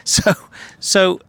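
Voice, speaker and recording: A British male presenter asks curious questions on a hilltop, talking in a lively, questioning manner. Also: dry recording. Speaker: presenter interviewer. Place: hilltop cliff edge outdoors.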